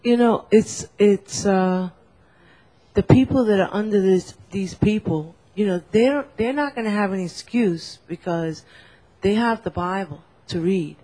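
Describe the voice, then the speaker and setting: Breathy woman, halting, Spanish native. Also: mid-range voice, dark tone, low-quality recording. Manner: halting, frequent restarts. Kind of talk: casual talk.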